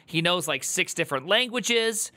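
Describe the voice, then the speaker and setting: A man with a bright, forward voice gives rambling, sarcastic commentary while reacting live to a news video. His talk is loose and full of fillers and asides. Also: sits high, animated, normal speed. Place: home streaming setup.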